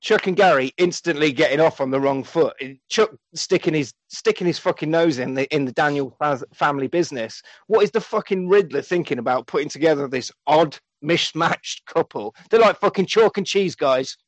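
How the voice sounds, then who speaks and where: Animated sweary man recapping a film. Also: fairly high pitch, moderate pace, hardly any pauses, dry recording, poor audio. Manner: animated, sweary, acts out characters in quotes. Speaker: podcast host recapping a film. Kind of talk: comedic film recap chat.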